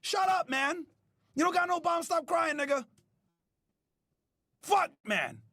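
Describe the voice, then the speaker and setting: A man hosting a podcast, ranting loudly with profanity, often shouting and mocking others in whiny put-on voices. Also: extremely high pitch, lively intonation, takes it slowly, no echo, studio quality. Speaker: podcast host. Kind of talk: ranting commentary.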